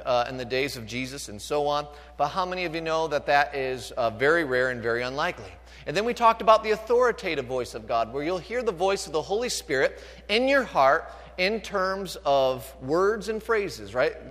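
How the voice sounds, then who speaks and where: A man's voice: a little high, a bit bright. A male pastor preaching a sermon, asking the congregation for responses as he teaches. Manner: preaching with call-outs to the congregation. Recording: long reverb of a large hall.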